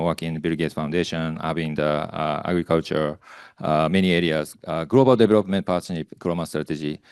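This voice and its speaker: A man chairing a conference panel, speaking hesitantly with many pauses and fillers. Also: low-pitched, smooth, no echo, studio quality. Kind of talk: moderating a panel.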